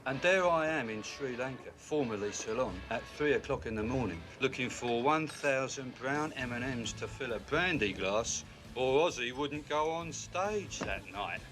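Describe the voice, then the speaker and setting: An actor playing a weary rock roadie, telling a tour story in a dry, matter-of-fact way, from a film clip with music underneath. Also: male voice, mid-range voice, lively intonation, moderate pace, close to an everyday voice. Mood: deadpan.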